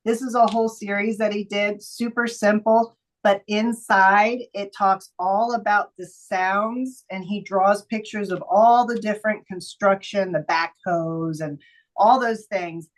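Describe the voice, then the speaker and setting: A woman giving a lively, chatty presentation to teachers, playful and quick to slip into silly voices and sing-song bits. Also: medium pitch, poor audio. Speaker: teacher trainer presenting book picks.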